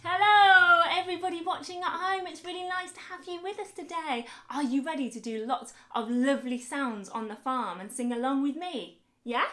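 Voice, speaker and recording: A woman leading a children's music lesson, talking cheerfully, slowly and clearly for small children. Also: high voice. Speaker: early years music teacher. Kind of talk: interactive children's sing-along lesson.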